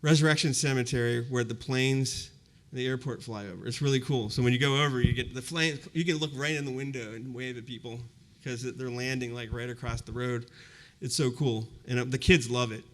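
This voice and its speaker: At a university event with a live audience, a man in his fifties tells a personal story in a reflective, conversational way, often using "you know." His medium-pitched voice is steady and fairly bright, and he talks briskly with hardly any pauses.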